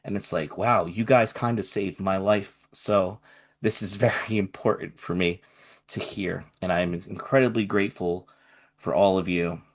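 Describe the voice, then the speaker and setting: A young man speaking earnestly and emotionally in a live group chat, his voice softening as he shares something personal. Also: low-pitched, steady tone, a little slow. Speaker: community organizer of a fan group.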